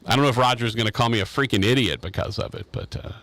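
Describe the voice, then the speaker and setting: A man's voice: mid-range voice, quick pace, fairly bright tone, dry recording. A man hosting a casual sports radio show, rambling and joking with restarts. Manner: rambling, joking, repeats himself. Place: radio studio.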